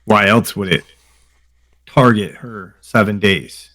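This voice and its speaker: A man's voice: lowish voice, slow pace, a bit bright. A man hosting an interview, chiming in with brief, affirming remarks. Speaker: interview host. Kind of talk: casual interview chat.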